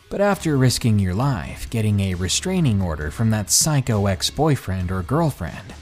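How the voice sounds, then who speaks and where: A man narrating a scary story in a calm, measured, ominous way, then signing off as the channel host. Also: fairly low pitch. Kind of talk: scripted narration of a horror story. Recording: faint background music.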